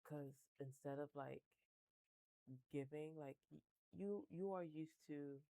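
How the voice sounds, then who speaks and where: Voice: medium pitch, slow pace, mellow, dry recording, rough recording. A tarot reader chatting through a casual reading to camera, rambling, laughing often and swearing offhandedly.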